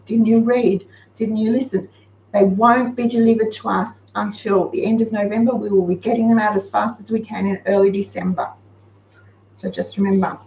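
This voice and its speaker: A woman's voice: medium pitch, vocal fry, a little mellow, distant mic. An Australian woman hosting a show, chatting casually and giving practical, homely advice. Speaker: host. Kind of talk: casual live-show chat. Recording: roomy, slightly dull sound with faint noise.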